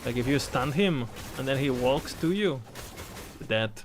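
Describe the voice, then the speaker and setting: A man streaming a game, thanking subscribers and reacting in animated, playful talk that is full of swearing. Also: mid-range voice, unhurried, noisy background. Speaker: gaming streamer. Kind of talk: casual game commentary.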